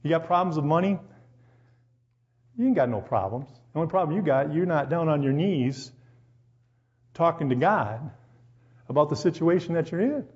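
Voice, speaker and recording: A man with a voice on the high side preaches to a congregation in a church hall at a moderate pace, pausing often. He is animated, telling personal stories and addressing his listeners directly with a barrage of questions. The recording sounds muffled.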